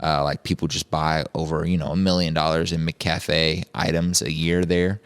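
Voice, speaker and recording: A man's voice: rumbling low, flat delivery, moderate pace, clear, resonant tone. A man hosting a podcast in casual chat, joking and swearing as he rambles through the news. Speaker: podcast host.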